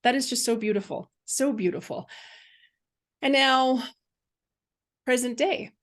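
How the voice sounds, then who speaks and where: A woman hosting an interview who asks slow, drawn-out questions and reacts with warm exclamations. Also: sits high. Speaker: podcast host. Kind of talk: interview conversation.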